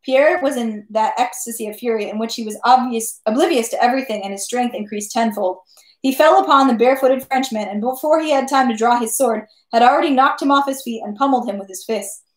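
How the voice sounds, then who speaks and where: A woman's voice: on the high side, brisk. Woman reading a novel aloud, echoey room. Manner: steady, with occasional slips and self-corrections. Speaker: reader. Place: home.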